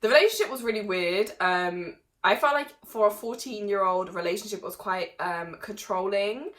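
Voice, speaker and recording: A young woman tells a story from her teens straight to camera, her voice bright and forward. She talks in a chatty, animated way, laughing along and breaking into sudden loud bursts. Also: mid-range voice, moderate pace. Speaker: vlogger.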